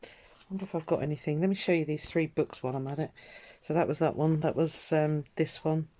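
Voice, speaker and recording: A woman's voice: low-pitched, steady tone, fairly quick, mellow. A woman vlogging her crafting in casual, rambling chat, trailing off and restarting her thoughts with lots of ums. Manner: rambling, chatty, self-interrupting with ums.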